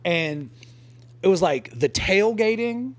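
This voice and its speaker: A man's voice: high-pitched, animated, slow pace. A man co-hosting a podcast in casual, rambling chat, full of likes and restarts and joking asides.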